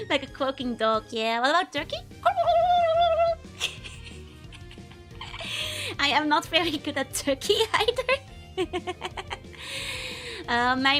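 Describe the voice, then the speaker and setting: Woman streamer, lively up-and-down voice, giggly, slightly worn from illness. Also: sits high. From Netherlands. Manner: giggly, chatty, greets viewers by name. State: voice still recovering from illness. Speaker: VTuber streamer. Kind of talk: casual live-stream chat.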